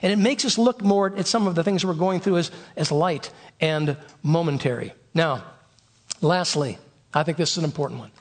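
A male pastor preaching a sermon in an emphatic way, repeating his key phrases. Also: a little high.

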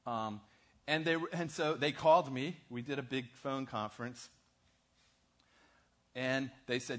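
Male pastor, mid-pitch, animated sermon storyteller. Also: measured pace, pauses often. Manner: animated, asks the audience questions, acts out dialogue. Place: church.

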